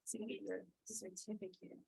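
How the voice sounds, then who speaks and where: Woman giving kids certificates, super raspy gravelly voice, friendly and casual. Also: medium pitch, level tone, normal speed, dark tone, no echo, poor audio.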